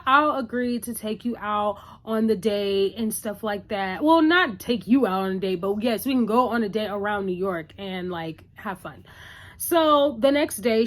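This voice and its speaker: A woman casually recapping a TV episode in a chatty, animated way, acting out what the characters say. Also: fairly high pitch. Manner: chatty, animated retelling with acted-out quotes. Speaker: TV recap vlogger.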